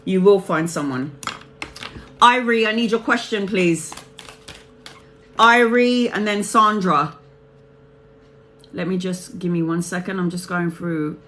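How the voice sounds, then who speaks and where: A woman's voice: fairly low pitch, takes it slowly, pauses often, fairly bright tone, a little hiss or hum. A woman hosting a live tarot reading, chatting casually with viewers and calling them honey and babes.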